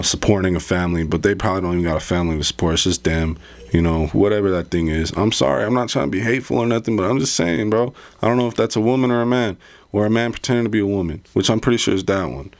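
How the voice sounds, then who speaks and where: Man, deep low voice, rambling, casual vlog commentary, says "bro". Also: fast. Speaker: political commentary vlogger.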